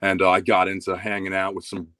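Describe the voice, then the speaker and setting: In a dry recording, a man in his thirties speaks quickly as a guest on a podcast, spinning a casual, swear-filled story. When he gets worked up, his animated telling turns louder and higher.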